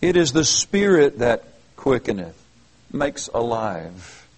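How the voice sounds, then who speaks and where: Husky-voiced man teaching scripture. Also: medium pitch, very animated, takes it slowly, poor audio. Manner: earnest, emphatic, with frequent restarts. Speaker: preacher. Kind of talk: expository Bible teaching.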